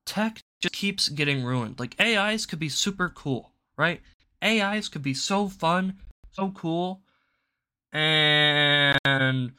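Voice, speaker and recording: A young man hosting a political commentary show, ranting angrily and profanely with sudden loud outbursts. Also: on the high side, takes it slowly, clear, resonant tone. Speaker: host.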